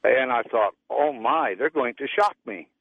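A man's voice: mid-range voice, lively intonation, unhurried, no room sound. A man telling a long personal story over a tinny, phone-like line. His voice sounds dry and close, and he talks plainly, slipping into the voices of the people in his story. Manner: plain folksy storytelling, acts out quoted voices. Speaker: caller.

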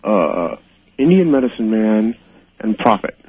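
Excitable male caller, husky phone voice. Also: on the low side, unhurried, no echo. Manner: excitable, earnest, laughing. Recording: tinny phone line.

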